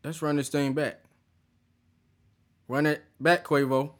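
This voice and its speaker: A man's voice: fairly high pitch, little pitch movement, slow. A man co-hosting a casual sports podcast, slangy and arguing his point. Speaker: podcast co-host.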